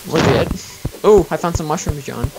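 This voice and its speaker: A man's voice: fairly high pitch, moderate pace, creaky, very noisy. A man chatting casually while playing a video game with friends, joking and bossing his teammates around. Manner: playful, bossy, joking. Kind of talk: casual let's play chat.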